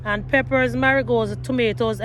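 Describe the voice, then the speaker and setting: A woman's voice: fairly high pitch, steady tone, moderate pace, soft background music. A woman gardening vlogger talking viewers through her garden outdoors, chatty and repeating herself. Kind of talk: casual garden tour vlog.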